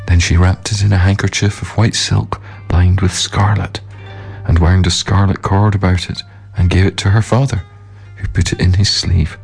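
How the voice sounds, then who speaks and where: Deep male storyteller; measured, solemn folk-tale reading over faint music. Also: flat delivery, vocal fry, a little mellow, husky. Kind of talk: scripted narration of a folk tale.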